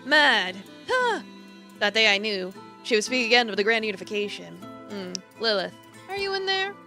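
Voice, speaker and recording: A woman streamer reading a horror visual novel aloud in a theatrical way, swinging between hushed and emphatic lines. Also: fairly high pitch, big pitch swings, normal speed, faint music behind.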